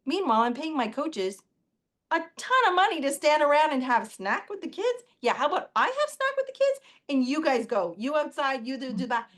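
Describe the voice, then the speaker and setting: A woman guest on an interview show, telling stories in a chatty, animated way. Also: sits high, a little fast. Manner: animated, chatty, quotes others in dialogue. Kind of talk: casual interview storytelling.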